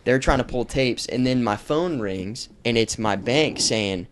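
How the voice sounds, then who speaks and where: A man with a mid-range voice, hosting a podcast. He tells a story in a loose, animated way, swearing as he goes, and he sounds like he is chatting with friends. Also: medium pitch, measured pace, slight background noise. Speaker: podcast host. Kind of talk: casual storytelling chat.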